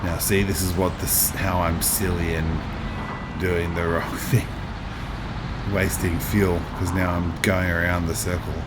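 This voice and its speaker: A man's voice: sits low, very noisy. A man in his thirties streaming a driving game, chatting casually, reading his chat aloud and answering it. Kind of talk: casual live-stream chat while playing.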